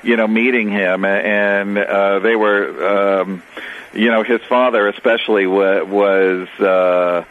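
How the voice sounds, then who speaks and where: A man's voice: fairly low pitch, fairly even intonation, slow pace. A man telling a long story as a guest, rambling with many fillers and restarts over a phone line. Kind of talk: storytelling on a radio call. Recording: tinny phone line with faint noise.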